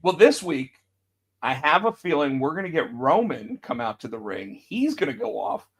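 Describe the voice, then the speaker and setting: A man's voice: moderate pace, vocal fry, breathy edge. A man co-hosting a podcast, chatting casually about wrestling and acting out quotes with big jumps in his voice. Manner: animated, acts out quotes with big pitch jumps. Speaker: podcast co-host.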